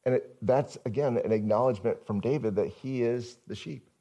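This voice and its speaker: Mellow-voiced male pastor preaching. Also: medium pitch, brisk, dull audio. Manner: conversational, asks the congregation questions. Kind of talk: sermon.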